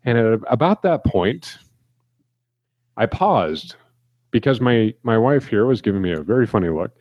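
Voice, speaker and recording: A man with a low, deep voice tells a story on a casual podcast. He acts out the lines of the people in it. His voice is close and dry, with no room sound. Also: measured pace, no room sound, muffled recording. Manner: animated storyteller, acts out quotes. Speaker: podcast co-host. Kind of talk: casual chat.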